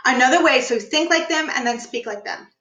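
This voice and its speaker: A woman business coach teaching a live online workshop, upbeat and energetic, standing as she talks. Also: sits high, brisk, roomy sound, poor audio. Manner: energetic, upbeat, demonstrates voices while teaching. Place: room, standing.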